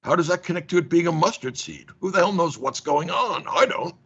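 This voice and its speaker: Wry gravelly man lecturing on a call. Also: fairly high pitch, fairly quick. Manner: wry, animated, acts out dialogues with mock exasperation. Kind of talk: casual seminar discussion. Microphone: video call. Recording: lo-fi online call audio.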